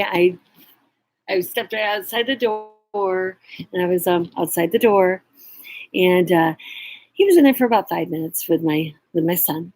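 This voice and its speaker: A woman's voice: fairly low pitch, a little slow, a little mellow, no room sound, rough recording. A middle-aged woman vlogger telling a personal story, earnest and emotional, sometimes dropping to near whispers.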